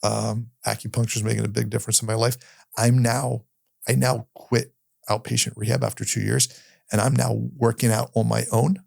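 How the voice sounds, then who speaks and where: A middle-aged man, a podcast guest, telling a personal story in a candid, halting way, often restarting and repeating his words. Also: mid-range voice, little pitch movement, vocal fry, a little mellow, dry recording, studio quality. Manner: candid, occasionally swears.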